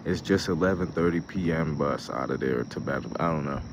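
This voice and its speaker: A young man with a low, deep voice rambles through a casual travel vlog, swearing freely. He is recorded on a phone held at arm's length outdoors, with insects and passing traffic clearly heard behind him. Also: fairly quick. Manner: profane, rambling, talks through frustration and laughs at it. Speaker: show host.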